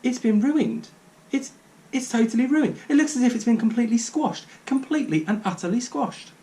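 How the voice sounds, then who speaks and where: A man's voice: very high voice, moderate pace, warm tone, voice pushed up. Man voicing a fussy dad, fretful, plaintive, raised voice, storybook. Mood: aghast. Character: glum, fussy suburban father.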